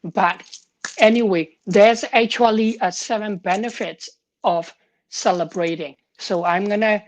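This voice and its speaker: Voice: mid-range voice, steady tone, measured pace. A woman pharmacist talking on a live stream, telling a story in an earnest, heartfelt way and sounding tired.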